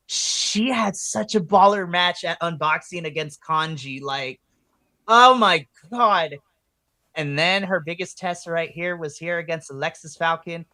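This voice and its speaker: An excitable woman co-hosting a podcast, chatting through a wrestling recap in a bright, forceful voice. She swings into loud, animated retellings, recorded close and dry with no room sound. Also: low-pitched, no room sound. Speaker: podcast co-host. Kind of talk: casual wrestling recap chat.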